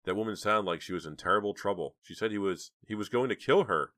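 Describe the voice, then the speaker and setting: A man's voice: fairly low pitch, quick pace, bright, forceful tone, no room sound, studio quality, pitched above the performer's own voice. A man voicing a worried, sensible teenage girl in a storybook reading. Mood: anxious.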